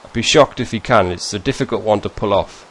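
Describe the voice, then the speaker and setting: A man's voice: on the low side, quick pace, background noise. A man from northeast England with a northern English accent, chatting casually to his viewers and often correcting himself mid-sentence. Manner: rambling, self-correcting, chuckling asides. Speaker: vlogger. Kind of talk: casual chat over a screen share.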